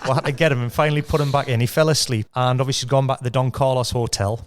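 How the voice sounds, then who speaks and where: A Geordie man in his forties spins lively anecdotes at a brisk clip, chuckling as he goes. His voice sits at a middling pitch for a man and carries the easy tone of podcast chat. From Whitley Bay, North East England. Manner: lively anecdotal storyteller, chuckling through tales. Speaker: guest, former footballer.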